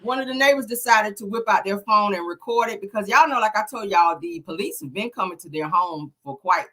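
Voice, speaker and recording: A woman's voice: mid-range voice, brisk, bright, forceful tone. Sassy woman dishing celebrity gossip. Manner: sassy and blunt, addresses the audience as "honey" and "y'all". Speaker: host. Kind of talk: casual celebrity gossip commentary.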